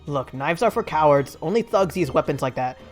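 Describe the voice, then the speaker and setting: A woman's voice: low-pitched, lively intonation, fairly quick, faint music behind. A woman voicing a cheeky teenage girl pickpocket in a game, brash and full of street slang. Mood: proud.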